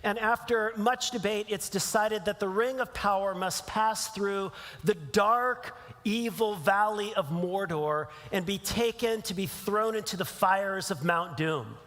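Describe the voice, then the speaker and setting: A pastor giving a conversational sermon in a church, with casual fillers and restarts. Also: male voice, high voice, measured pace, a bit bright, long reverb tail. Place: church sanctuary.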